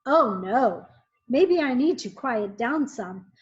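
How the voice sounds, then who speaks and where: Figure: a loud, talkative older neighbor man, done by a woman reading a storybook. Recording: muffled. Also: lively intonation, slow pace. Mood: surprised. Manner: booming, then softens.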